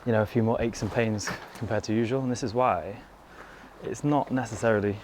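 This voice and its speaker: A young fitness vlogger talks casually to the camera in a garden outdoors, rambling and chatty with plenty of "you know" asides. His voice is lowish, fairly even in intonation, fairly quick, and darkish, with slight background noise.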